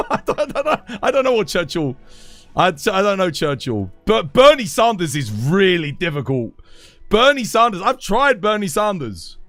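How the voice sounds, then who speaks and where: Lively high-voiced male streamer. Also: normal speed, soft background music. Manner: playful, giggly, reacting to chat. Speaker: game streamer. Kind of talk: casual live-stream chat.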